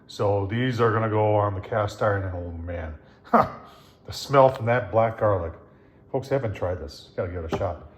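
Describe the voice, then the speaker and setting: A man's voice: on the low side, moderate pace. A man hosting his own channel, casually reviewing a gas grill while cooking and chatting to viewers in a folksy way.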